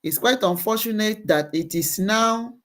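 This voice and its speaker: A woman's voice: mid-range voice, measured pace, fairly bright tone. A woman hosting a live online show, giving impassioned commentary and repeating phrases for emphasis.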